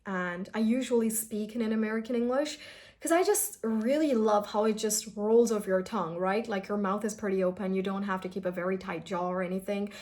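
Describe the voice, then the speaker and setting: A woman's voice: mid-range voice, a little fast, darkish tone. A young woman from India teaching an English pronunciation lesson in a casual, chatty way, drawing out sounds to demonstrate them.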